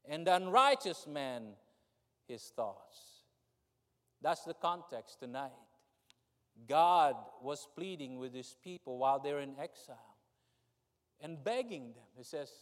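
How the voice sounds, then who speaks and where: A man preaching a sermon with fervent, pleading delivery, rising to loud high cries. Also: lively intonation, slow pace, pauses often. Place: large church hall. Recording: reverberant church hall.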